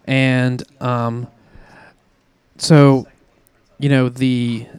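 A man chatting casually as a co-host, his voice smooth and clear. He rambles through plot summaries, laughing often. The sound is close and dry, with no room around it. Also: medium pitch, little pitch movement, very slow, a little mellow, no echo. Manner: rambling, laughs often, fillers while retelling plots. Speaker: podcast co-host reviewing comics. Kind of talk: casual chat.

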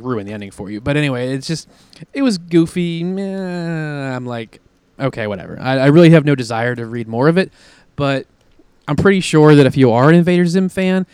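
A man chatting casually as a co-host, his voice smooth and clear. He rambles through plot summaries, laughing often. The sound is close and dry, with no room around it. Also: mid-range voice, a little mellow, dry recording. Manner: rambling, laughs often, fillers while retelling plots. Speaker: podcast co-host reviewing comics. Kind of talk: casual chat.

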